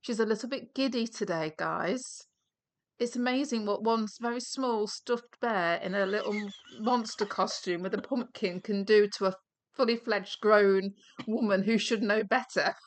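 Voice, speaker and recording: A woman's voice: medium pitch, normal speed. A woman co-hosting a podcast, making teasing, dry asides to the listeners. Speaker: podcast co-host. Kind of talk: casual chat.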